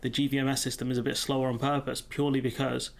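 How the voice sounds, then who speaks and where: A man's voice: mid-range voice, flat delivery, quick pace, gravelly. A man giving casual commentary on a news story, reading bits out and talking it through with lots of "you know" and "um". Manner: conversational, many fillers like "you know" and "um". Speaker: political commentator.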